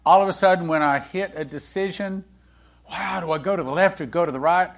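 A man preaching a sermon in a conversational way, asking the congregation questions and swinging between loud and hushed delivery. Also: sits high, brisk, vocal fry, lo-fi sound. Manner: animated, swings from loud to hushed, acts out quoted dialogue.

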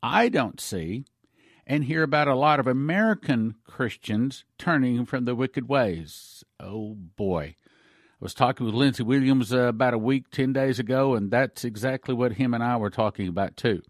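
A man's voice: medium pitch, normal speed, no echo, clean studio sound. Earnest male Christian radio host. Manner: earnest, choking up with emotion. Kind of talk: emotional Christian broadcast talk.

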